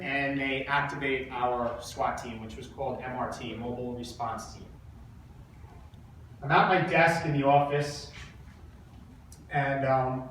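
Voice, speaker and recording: Guy choking back tears telling a hard story, slightly high voice, big echoey hall, mic kinda far. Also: a bit bright, slight background noise. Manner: halting, repeats words, acts out quoted dialogue. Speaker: speaker at a coaching event. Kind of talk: emotional personal story to an audience.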